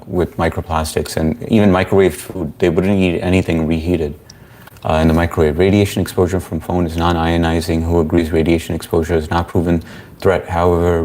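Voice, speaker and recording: A man's voice: low-pitched, darkish tone. A young man hosting a casual live-stream Q&A, chatting loosely and reading viewer comments aloud. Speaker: livestream host answering chat.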